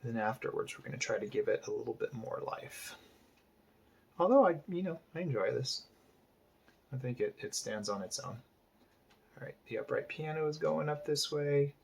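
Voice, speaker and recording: A man's voice: medium pitch, lively intonation, normal speed, vocal fry, pauses often, husky. A man talking through his drawing process in a casual tutorial, thinking aloud and hesitating, often dropping to half-whispered asides. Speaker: art instructor.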